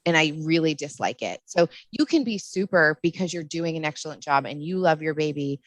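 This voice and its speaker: A middle-aged woman, a postpartum doula, talking in a casual podcast interview, passionate and animated, laughing often. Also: low voice, brisk, no room sound. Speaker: postpartum doula and lactation counselor.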